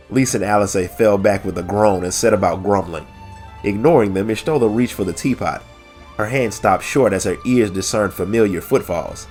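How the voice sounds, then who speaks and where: A man with a nasal, congested voice from allergies, narrating a game lore story in measured audiobook style and hosting his channel. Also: fairly low pitch, a little mellow, faint music behind. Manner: measured, friendly sign-offs.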